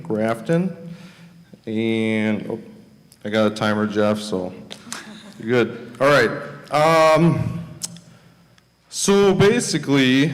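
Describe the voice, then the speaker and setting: A man giving public comment at a school board meeting, halting and searching for words, at times crying with a breaking voice. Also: medium pitch. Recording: reverberant meeting hall.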